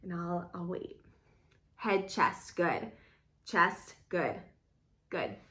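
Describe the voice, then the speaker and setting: A woman's voice: lowish voice, lively intonation, extremely slow, pushed and bright, reverberant. A woman coaching an online workshop, talking casually and leading a soothing guided visualization. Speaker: spiritual coach.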